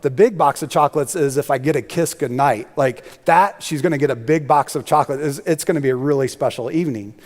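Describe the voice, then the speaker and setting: A man's voice: a little high, fairly quick, few pauses, darkish tone, long reverb tail, pitched below the performer's own voice, natural voice. A man voicing an eager, nervous teenage boy, told as part of a church sermon story.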